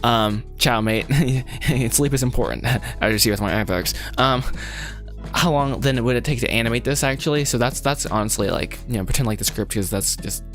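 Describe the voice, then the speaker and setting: A man's voice: medium pitch, normal speed, a bit bright, faint music behind. A man chatting casually on a livestream while writing a script, rambling, correcting himself and laughing often. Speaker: animation filmmaker livestreaming his script writing.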